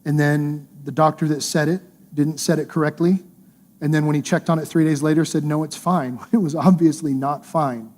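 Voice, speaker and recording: A male pastor preaches in an earnest, conversational manner and drives his points home with repetition. His voice is fairly high for a man, with a mellow, warm tone. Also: flat delivery, normal speed. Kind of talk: sermon.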